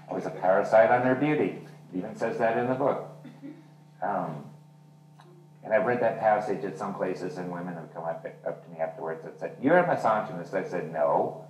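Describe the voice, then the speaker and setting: This low, slightly mellow male voice belongs to an author and journalist discussing his novel informally at a reading. He acts out the conversations while narrating. The sound is distant and roomy, captured in a literary venue hall with a trace of noise.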